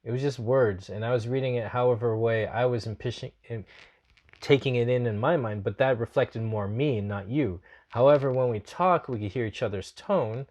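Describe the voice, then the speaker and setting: A man's voice: mid-range voice, normal speed, a little mellow. Earnest podcast host man. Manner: earnest, reflective, laughs often. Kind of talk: casual podcast chat.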